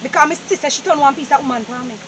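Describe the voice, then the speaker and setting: A woman's voice: high-pitched, racing, background noise, natural voice. A woman with a Jamaican accent playing a stern mother who scolds and lectures her daughter. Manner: firm, scolding, then coaxing.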